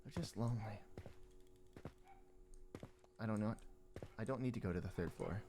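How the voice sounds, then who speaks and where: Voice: mid-range voice, moderate pace. A streamer giving casual live commentary on a horror game, swearing often and talking to themself as they play.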